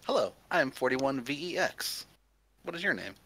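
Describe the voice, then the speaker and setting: A man's voice: medium pitch, big pitch swings, normal speed, sharp tone, slight background noise. Courteous droid medic, a man voicing it. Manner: courteous, formal.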